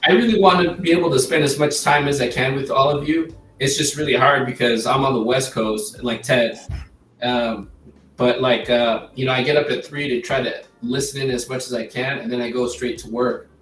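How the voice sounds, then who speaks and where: A man's voice: medium pitch, steady tone, fairly bright tone, a little hiss or hum. Earnest man, roomy and distant. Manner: halting, repeats words while starting sentences, earnest. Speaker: guest, group member. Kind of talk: casual chat. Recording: roomy sound from far off the mic.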